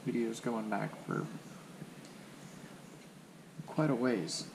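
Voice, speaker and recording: A man's voice: mid-range voice, takes it slowly, gravelly, long pauses, noisy background. A man hosting a car channel, talking casually to his viewers in a loose, rambling way with lots of ums and restarts. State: hiccups. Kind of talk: casual vlog talk to camera.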